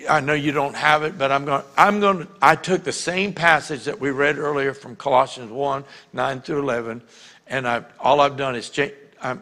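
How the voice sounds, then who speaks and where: A man preaching a conversational sermon as a pastor, often repeating words and slowing down to read scripture with emphasis. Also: mid-range voice, pushed and bright. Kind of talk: sermon teaching. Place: church sanctuary. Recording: long hall reverb.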